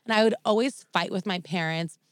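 Animated woman co-host telling a story. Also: lowish voice, a little fast, dry recording. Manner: animated, lots of "like" fillers. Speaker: podcast co-host. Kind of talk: casual chat, storytelling.

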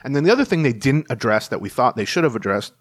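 A man co-hosting a casual talk podcast, telling stories in an animated way and laughing often. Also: mid-range voice, fast talker. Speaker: podcast co-host. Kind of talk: casual chat.

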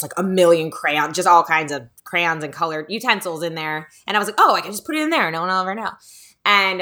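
Bright-voiced woman telling a story. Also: on the low side. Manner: storytelling, acting out quoted voices. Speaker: podcast host. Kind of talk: casual chat.

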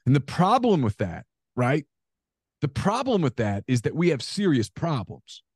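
A man's voice: fairly high pitch, very animated, normal speed, darkish tone, breathy edge, no echo, clean studio sound. A man co-hosting a podcast, ranting in heated casual chat and stumbling over repeated words as he gets worked up. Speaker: podcast co-host.

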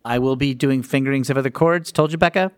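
A man's voice: medium pitch, fast talker, smooth, no echo, clean studio sound, close to an everyday voice. A man playing an earnest church-band guitarist. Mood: boastful. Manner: earnest, rambling, oddly boastful. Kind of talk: improvised comedy character.

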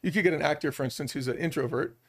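A middle-aged business leader, appearing as a guest in a podcast interview, tells stories with animation and acts out bits of quoted dialogue. His voice is on the high side and he races along.

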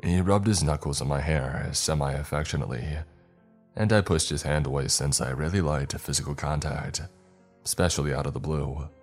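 Very deep-voiced man narrating a horror story. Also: moderate pace. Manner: steady first-person storytelling. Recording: faint music under the voice.

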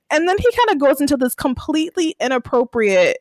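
Chatty higher-voiced woman recapping. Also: very animated, a little fast, no room sound, low-quality recording. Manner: chatty storytelling, laughs often, many fillers. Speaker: podcast host recapping a TV episode. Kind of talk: casual chat.

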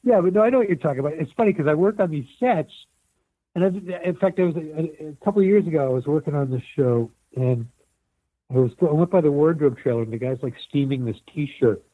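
An older man, a set medic and former film extra, telling rambling, animated stories in a casual interview. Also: a little high, fast talker, dry recording. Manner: rambling animated storyteller with many restarts. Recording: tinny phone-like line.

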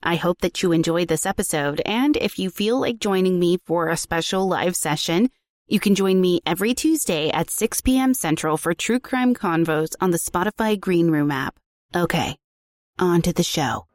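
A woman's voice: on the low side, animated, moderate pace, no echo, studio quality. Stuffy-nosed chatty woman podcaster. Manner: chatty, laughs often, many fillers. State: stuffy, congested from illness. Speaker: podcast host. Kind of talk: casual live chat.

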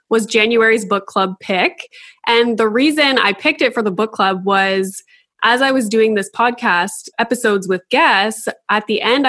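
A woman's voice: on the high side, a bit bright. A woman hosting a podcast, reading an ad and introducing her guest in an upbeat, friendly way. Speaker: podcast host.

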